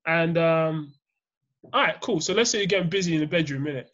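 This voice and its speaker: A man's voice: on the high side, brisk, a bit bright. A young man hosting a casual chat, loose and laughing, with "innit" at every turn. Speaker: podcast host. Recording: dull lo-fi sound.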